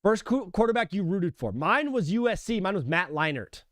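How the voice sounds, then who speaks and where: Animated young man hosting sports talk. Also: high voice, moderate pace, no echo, clean studio sound. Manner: animated, casual, calls people brother and dude. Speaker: sports talk show host. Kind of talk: live sports talk stream.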